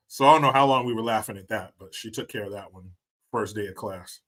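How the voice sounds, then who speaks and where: A man's voice: fairly low pitch, fairly bright tone. A middle-aged man hosting a live stream, chatting casually with viewers, often laughing, joking and swearing. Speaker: livestream host.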